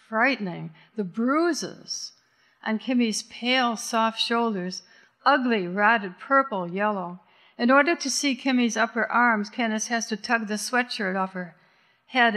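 A woman narrating an audiobook in an intense, measured way, slowing down on key words. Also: on the high side, fairly bright tone. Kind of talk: scripted narration.

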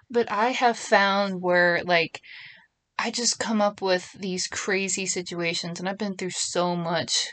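A woman's voice: medium pitch, fairly bright tone. Middle-aged woman rambling on her podcast, chatty, laughs at herself, closet recording. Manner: chatty, rambling, self-deprecating. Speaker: podcast host. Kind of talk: casual solo podcast chat. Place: small closet at home. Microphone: phone and computer.

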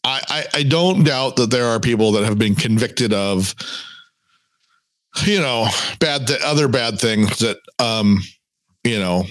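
A man's voice: medium pitch, unhurried, fairly bright tone, dry recording. A man co-hosting a podcast, chatting casually with rambling, joking asides and frequent restarts. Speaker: podcast co-host. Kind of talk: casual chat.

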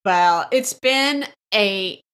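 A woman with a Texan accent hosts a podcast and keeps a casual chat moving. Her pitch is middling and her tone is warm. She talks in a relaxed, unhurried way. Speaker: podcast host.

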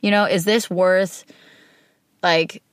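A woman co-hosting a casual chat with her partner, candid and expressive, acting out her own outbursts as she talks. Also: on the low side, takes it slowly, clear, resonant tone, dry recording, clean studio sound. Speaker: podcast co-host talking with her partner.

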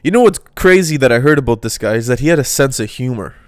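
Rambling, smooth-voiced male podcast host. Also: medium pitch, animated, fast talker, no room sound, clean studio sound. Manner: rambling, off-the-cuff musing. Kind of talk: casual solo podcast monologue.

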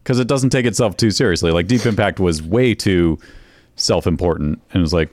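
A man's voice: low voice, fairly quick, darkish tone, no room sound. A man in casual conversation, wry and amused, who laughs easily. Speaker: podcast co-host. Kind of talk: casual chat.

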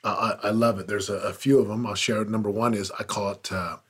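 A husky, lowish voice with a steady tone and a brisk pace belongs to a man in his forties appearing as a podcast guest. He tells his story conversationally, in an earnest, emphatic way that rises in intensity.

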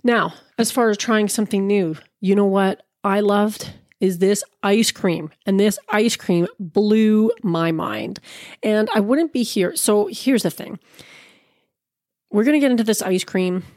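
A woman's voice: medium pitch, a little slow, dry recording, clean studio sound. Chatty middle-aged woman podcaster. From Canada. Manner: chatty, animated storytelling with bursts of excitement. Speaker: podcast host. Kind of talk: casual podcast chat. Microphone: podcast mic.

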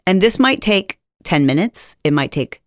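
A woman hosting a casual advice talk, telling stories lively and acting out the lines of people she quotes, with plenty of "like" and "dude". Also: fairly low pitch, normal speed, no echo, studio quality. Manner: animated storytelling, acts out quoted dialogue; frequent "like" and "dude" fillers. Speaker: host.

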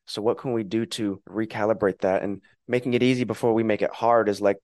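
Calm, earnest man with a low voice. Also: fairly quick, no room sound, clean studio sound. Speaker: podcast guest. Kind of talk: reflective conversation.

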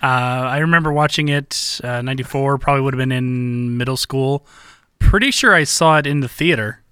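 A man in his thirties co-hosting a podcast, recalling things in a relaxed, hedging way. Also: mid-range voice, normal speed, smooth, no room sound, clean studio sound. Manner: easygoing, vague, hedging. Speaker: podcast co-host. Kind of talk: casual chat.

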